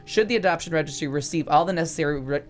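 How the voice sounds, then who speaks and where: A man's voice: fairly high pitch, rapid-fire, soft background music. A man in his forties from upstate New York, telling a story in casual chat with sarcastic, wry humor. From Niagara Falls, New York.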